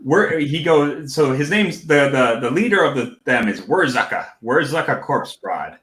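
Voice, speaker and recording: A man narrating a tabletop game as game master, in a halting, casual way, with lots of restarts. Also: medium pitch, animated, echoey room, over a noisy crowd. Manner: halting, full of fillers and restarts.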